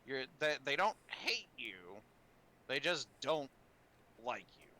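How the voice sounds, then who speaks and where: A man running a tabletop game as dungeon master, relaxed and chuckling, now and then cooing to his cat. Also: on the high side, takes it slowly, slight background noise.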